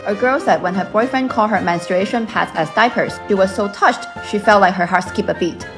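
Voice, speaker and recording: Female explainer narrator, steady delivery, music bed behind. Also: medium pitch, brisk.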